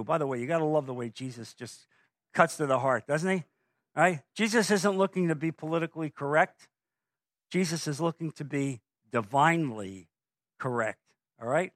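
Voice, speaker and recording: Male pastor, high voice, dry close recording; fervent sermon delivery with rhetorical questions. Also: normal speed, no room sound. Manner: impassioned, rising to forceful emphasis with rhetorical questions; frequent fillers and restarts when speaking offhand.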